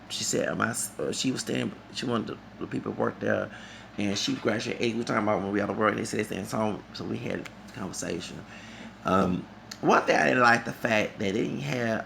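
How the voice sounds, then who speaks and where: A man's voice: fairly low pitch, creaky, a bit bright, a little hiss or hum. A man reviewing a concert in a vlog, talking in a heated, rambling and profane way. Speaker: vlogger.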